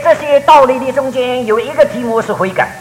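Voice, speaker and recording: A man preaching a sermon in short storytelling phrases, pausing for an interpreter. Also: very high-pitched. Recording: roomy hall reverb with faint noise.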